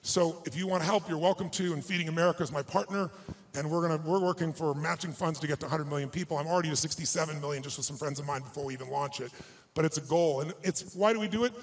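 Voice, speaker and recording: A middle-aged man speaks from the stage in a voice that sits a little high for a man. He tells a personal story with feeling and presses his audience to act. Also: rapid-fire. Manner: emotional storytelling, emphatic and exhorting. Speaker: motivational speaker. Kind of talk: live stage talk to an audience.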